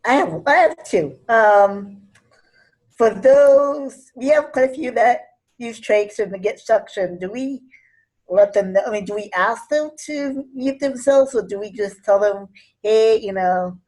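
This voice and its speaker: A woman's voice: a little high, a little slow, a little mellow, low-quality recording. A woman in a casual group video call, asking questions in an earnest, somewhat hesitant way.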